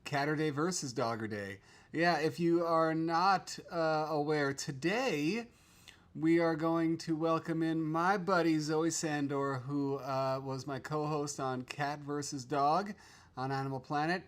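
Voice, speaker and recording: A man with a slightly high voice hosts a casual livestream from his home studio, speaking at a measured pace. He chats loosely, trailing off and restarting his sentences.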